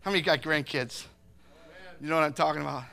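A man's voice: on the high side, quick pace, vocal fry. Impassioned older male preacher. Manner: impassioned, swinging from hushed to shouting. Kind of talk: sermon.

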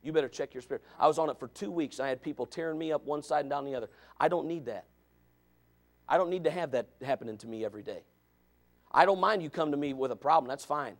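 A man preaching a Sunday school sermon as a Baptist preacher, hammering points through repetition and building up to shouting. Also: on the high side, quick pace, gravelly.

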